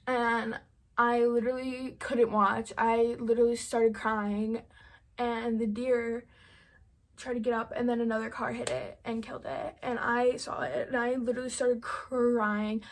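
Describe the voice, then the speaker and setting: A woman's voice: on the high side, flat delivery, a little slow. A young woman vlogger telling a storytime to her camera, rambling casually with constant "like" and frequent swearing. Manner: rambling, heavy use of "like" and swearing.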